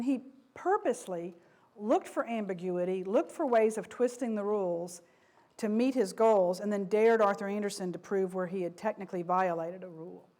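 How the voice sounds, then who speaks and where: A woman's voice: medium pitch, dark tone. A middle-aged woman giving a lecture to an audience, speaking frankly and conversationally, with frequent asides and restarts. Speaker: speaker, former company vice president.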